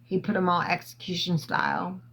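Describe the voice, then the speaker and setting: A woman hosting a casual livestream, telling a long story into her phone in a rambling, halting way with lots of fillers and swearing. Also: fairly low pitch, huge pitch swings, fairly bright tone, slightly rough, low-quality recording. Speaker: livestream host.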